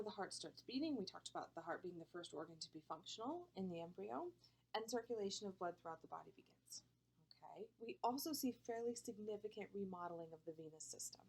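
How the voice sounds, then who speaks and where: A woman with a breathy, slightly husky voice lectures in a recorded university class. She explains step by step, checking in with frequent okays and ums. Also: fairly low pitch, a little mellow, poor audio.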